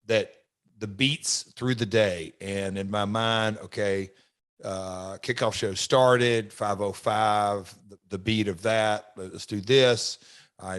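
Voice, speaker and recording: A middle-aged man with a fairly low voice hosts a podcast, recalling backstage life in a reflective, halting manner. He talks casually. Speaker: podcast host and wrestler.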